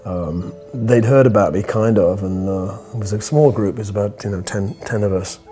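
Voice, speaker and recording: Man, lowish voice, halting reflective storytelling, soft laughs, music behind. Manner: halting, repeats words, laughs softly. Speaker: interview guest.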